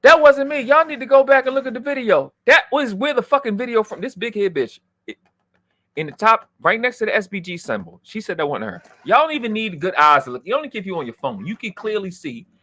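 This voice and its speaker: A man hosts a heated livestream rant, his pitch leaping all over as he goes from grumbling to shouting. His voice is bright and forceful. It is recorded on a dry, close mic. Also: big pitch swings, a little fast, no echo. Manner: profane, swings from low muttering to loud outbursts. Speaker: livestream host.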